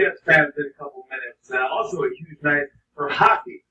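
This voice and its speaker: Male late-night host, bright comic monologue, roomy and off-mic studio sound. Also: fairly high pitch. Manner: joking, quick asides. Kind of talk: comedy monologue. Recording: dull, distant, roomy audio.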